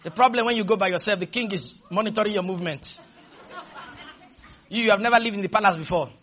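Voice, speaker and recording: A man preaching a sermon, leading call-and-response, breaking into shouts and drawing out words for emphasis. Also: sits high, a faint crowd, slight background noise. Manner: slows to stretch words for emphasis.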